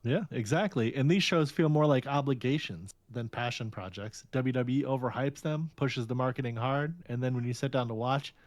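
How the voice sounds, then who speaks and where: A man's voice: mid-range voice, normal speed, few pauses, no room sound. Male podcast co-host, mid-range voice, matter-of-fact casual delivery, dry recording. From United States. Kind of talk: casual chat.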